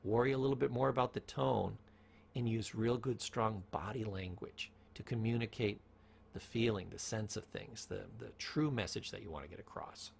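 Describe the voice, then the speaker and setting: A man with a lowish, gravelly, husky voice talks at normal speed, with slight background noise, in a motivational speech on communication. He weaves in stories and rhetorical questions and varies his tone for emphasis.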